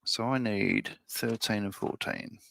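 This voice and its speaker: A man's voice: fairly low pitch, fairly even intonation, unhurried, vocal fry, a bit bright, slight background noise. A man, co-hosting a live scale-modelling stream, chatting casually, thinking aloud and reading viewer comments. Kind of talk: casual live-stream chat while building.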